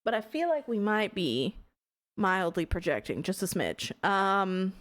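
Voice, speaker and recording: A woman's voice: mid-range voice, sing-song, a little slow. A young woman streaming a live game, joking and laughing as she comments.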